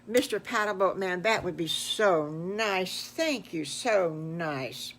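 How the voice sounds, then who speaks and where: An older woman voicing a gentle, cheerful mother pig in a storybook. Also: on the low side, lively intonation, slow pace, slight background noise.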